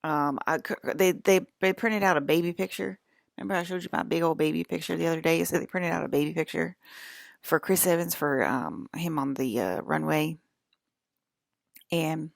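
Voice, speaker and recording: A woman's voice: low voice, normal speed, creaky, no echo, clean studio sound. A woman in her forties hosting a livestream, rambling angrily and swearing at her viewers. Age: 40s. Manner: angry, profane, scolding her viewers; rambling with frequent restarts. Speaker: livestream channel host. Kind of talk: rambling spiritual livestream monologue.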